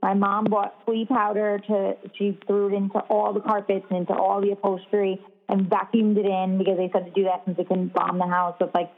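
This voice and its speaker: A young woman talks in a loose, rambling way, packing her sentences with "like" and the odd swear word. Her voice sits at an ordinary middle pitch. The sound is narrow and thin, as if heard over a phone. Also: monotone, fairly quick, few pauses. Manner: rambling, full of "like", swears freely. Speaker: podcast co-host, new mother. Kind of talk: casual chat.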